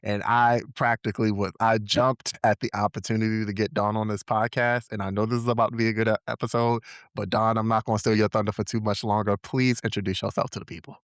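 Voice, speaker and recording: Smooth, low-voiced podcast host. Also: male voice, quick pace, dry recording, studio quality. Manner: upbeat, chatty, relaxed slangy talk. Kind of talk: casual podcast hosting.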